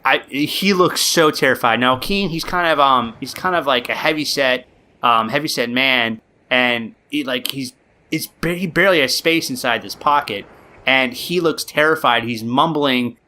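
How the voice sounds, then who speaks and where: A male podcast host tells a story in a loose, rambling way, full of likes and ums. His voice is bright and forceful, at a middle pitch. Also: moderate pace. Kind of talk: casual storytelling.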